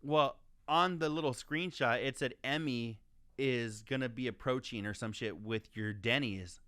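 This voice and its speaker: A man co-hosting a podcast, telling a story in profane, animated casual chat. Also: medium pitch, unhurried, clean tone. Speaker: podcast co-host.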